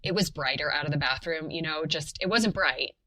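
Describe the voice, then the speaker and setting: A young adult woman in a casual podcast interview, telling a personal story in a chatty, animated way with lots of fillers. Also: low-pitched, fairly quick, poor audio. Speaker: podcast guest telling her birth story.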